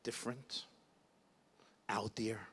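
A grave old grandfather who is also a wealthy businessman speaks low and hushed, measured and solemn, as a preacher puts him on. His tone stays bright and clear even when quiet, with a deep, heavy voice. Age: older. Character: old Holocaust-survivor grandfather, rich businessman, grave and wise.

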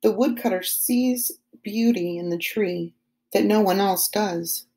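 A woman teaching second graders, asking slow, encouraging questions about a story. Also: mid-range voice, darkish tone. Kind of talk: online lesson for young children.

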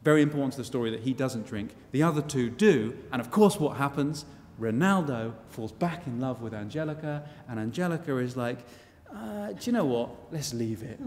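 A man telling a story live in a wry, chatty, animated way. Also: mid-range voice, slight background noise. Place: church. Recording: long church reverb.

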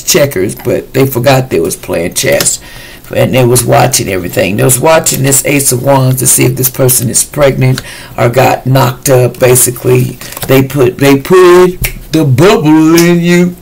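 A man with a gravelly, creaky voice of middling pitch gives a loose, casual tarot reading. He rambles in a slangy, chatty way and speaks directly to his viewers. Faint background noise sits under his voice. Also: a little mellow, poor audio. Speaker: tarot reader.

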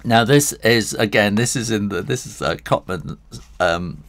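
A man's voice: on the low side, a little slow, fairly bright tone. A man who illustrates books, talking through a live drawing tutorial in a chatty, rambling way with frequent chuckles, working in a studio next to his house. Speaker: illustrator and author.

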